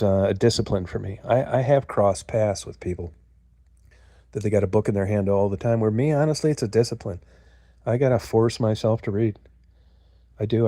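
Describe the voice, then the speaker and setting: A man's voice: lowish voice, warm tone, dry recording, studio quality. An older man from the United States hosting a livestream, rambling casually with lots of swearing and talking to viewers in the chat. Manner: profane, gruff, talks to chat viewers. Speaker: livestream host.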